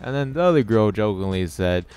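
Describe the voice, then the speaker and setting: A man's voice: lowish voice, lively intonation, fairly quick, darkish tone, clear, resonant tone. A young man telling a story over game footage in a sarcastic, exasperated rant. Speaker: channel host.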